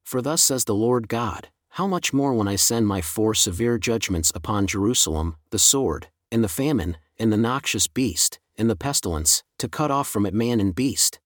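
A man reading scripture aloud in a measured way, slowing on the solemn refrains. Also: lowish voice, lively intonation, dry recording, clean studio sound. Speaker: Bible reader.

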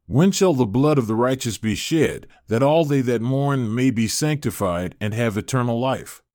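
A man's voice: medium pitch, lively intonation, moderate pace, darkish tone, no echo, clean studio sound, lightly acted. Enoch, an earnest pleading prophet, as a man reads him.

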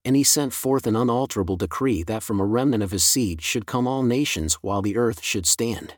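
A man giving a solemn, measured, unhurried scripture reading. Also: on the low side, no room sound, studio quality. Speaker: scripture reader.

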